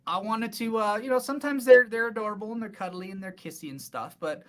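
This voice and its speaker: A podcast co-host chatting casually, enthusiastic and quick to laugh. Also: medium pitch. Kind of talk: casual chat.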